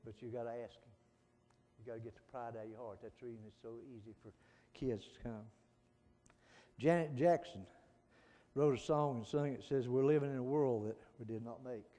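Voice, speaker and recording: A middle-aged man, preaching a folksy sermon that swings from soft pleading to loud fervent calls. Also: medium pitch, normal speed. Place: church sanctuary. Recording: long church reverb.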